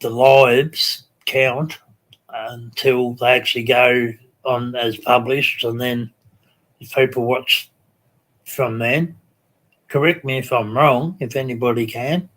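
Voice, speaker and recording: A relaxed Australian man chats through a live stream, taking his time with each thought. His talk wanders, full of ums, restarts and drawn-out pauses, in a middle-pitched voice. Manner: slow, rambling, many ums and restarts. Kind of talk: casual live chat reading comments.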